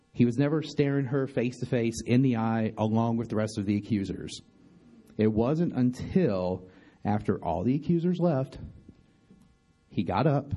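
Mellow-voiced man musing on scripture. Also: fairly low pitch. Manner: halting, many restarts and fillers; conversational, asks listeners questions. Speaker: bible teacher. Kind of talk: informal bible study talk.

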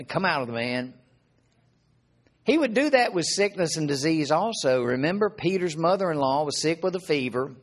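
A middle-aged man giving an informal sermon, speaking conversationally, asking rhetorical questions and clearing his throat often. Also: on the high side. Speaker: preacher.

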